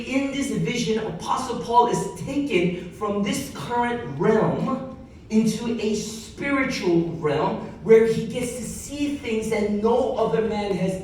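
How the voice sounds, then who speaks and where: A man's voice: sits high, a little hiss or hum. A man preaching a sermon as pastor, conversational with joking asides and repeated key lines. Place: large echoey church hall with congregation. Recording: very echoey hall heard from far off.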